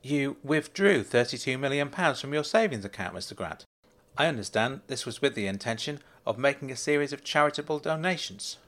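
A man's voice: medium pitch, expressive, fairly quick, a bit bright, pitched above the performer's own voice, close to an everyday voice. A man voicing a polite, deferential male bank manager in a storybook reading. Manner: courteous, deferential, apologetic.

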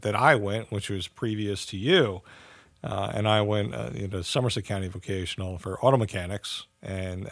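A man's voice: on the low side, no echo, clean studio sound. A man hosting an interview, talking in a loose, conversational way. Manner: conversational, rambling with fillers. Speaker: host, interviewer.

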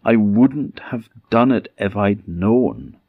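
A man's voice: on the low side, very animated, slow, breathy edge, no room sound, narrow, tinny audio, pitched above the performer's own voice, heavily acted. A man voicing a broken, dying wife who pleads fragilely for forgiveness. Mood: pleading.

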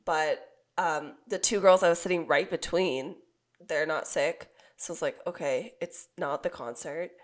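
Hoarse, raspy young woman. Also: low voice, measured pace. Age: young adult. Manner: rambling, laughing storytelling. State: hoarse, sick voice. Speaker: podcast co-host. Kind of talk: casual chat.

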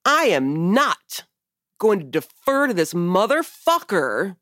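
A woman's voice: medium pitch, very animated, slow pace, a bit bright, dry recording, clean studio sound. A woman hosting a podcast, telling a personal story in casual conversation, candid and emotional, swearing often. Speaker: podcast host.

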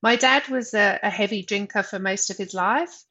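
A woman guest in an interview, speaking slowly and reflectively with soft laughs. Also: mid-range voice, lo-fi sound. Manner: slow, reflective, laughs softly. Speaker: guest, sobriety coach.

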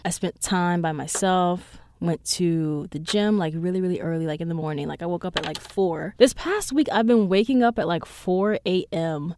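In a casual solo episode of her podcast, a young woman rambles animatedly, peppering her talk with "like" and "um" and jumping up in pitch to retell people's reactions. The sound is clean studio audio with no room tone.

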